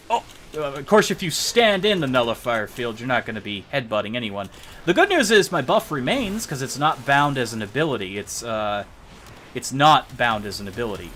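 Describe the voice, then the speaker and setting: A man's voice: mid-range voice, a bit bright, slight background noise. A man streaming a video game live, chatting casually and explaining his character build as he plays.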